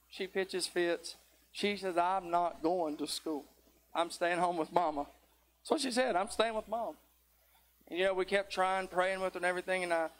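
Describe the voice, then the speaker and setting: A middle-aged man, preaching a folksy sermon that builds into fervent exhortation. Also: sits high. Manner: tired near the end.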